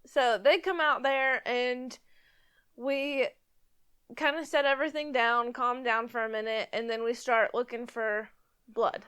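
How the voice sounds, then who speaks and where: A woman retelling her own hunting story on a podcast, with frequent laughs and an animated manner. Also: fairly high pitch, unhurried, smooth. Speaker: podcast guest and cohost. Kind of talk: casual storytelling chat.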